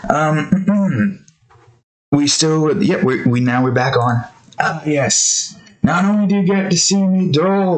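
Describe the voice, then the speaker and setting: A man's voice: fairly high pitch, poor audio. A young man rambling casually to camera while drawing, drifting between topics and scolding his cat. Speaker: art vlogger.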